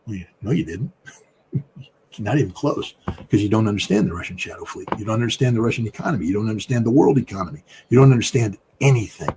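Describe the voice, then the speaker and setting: A man with a husky voice giving political commentary in an interview, talking in an emphatic, combative way. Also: animated, fast, a little hiss or hum. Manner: emphatic and combative, with big swings in pitch and loudness. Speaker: political commentator, former weapons inspector.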